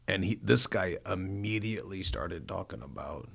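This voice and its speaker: A man's voice: lowish voice, animated, normal speed, vocal fry, hardly any pauses, fairly bright tone. A middle-aged man from Northern Illinois, a pastor telling his life story in a studio interview, earnest and self-mocking as he tells it. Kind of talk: personal testimony in an interview. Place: recording studio.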